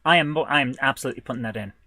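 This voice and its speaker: A man designing a tabletop game live, thinking aloud in a hesitant, halting way, stopping and correcting himself, with bursts of excitement when an idea lands. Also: medium pitch, dry recording. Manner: hesitant, halting, full of restarts and self-corrections. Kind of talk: thinking aloud while working.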